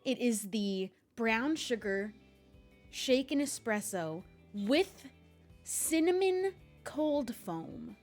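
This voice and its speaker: A woman's voice: on the high side, lively intonation, drawn-out words, darkish tone, soft background music. A young adult woman streaming live, chatting casually and rambling, laughing often between complaints.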